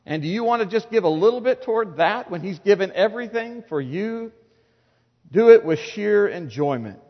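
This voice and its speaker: A man's voice: high voice, lively intonation, moderate pace, in a large hall, lo-fi sound. A pastor, a man, preaching an earnest, emphatic sermon full of rhetorical questions.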